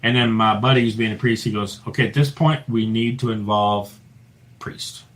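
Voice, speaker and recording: A man telling a ghost story in a casual chat, swearing freely and dropping to a low hush for the tense moments. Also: moderate pace, rough recording. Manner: profane, animated storyteller who drops to a low hush for the tense parts. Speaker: paranormal investigator guest.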